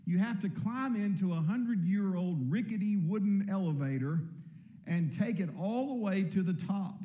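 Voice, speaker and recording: A man preaching a sermon, earnest and emphatic, often repeating words and slowing to stress key points. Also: high-pitched, animated, dark tone, reverberant. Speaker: pastor.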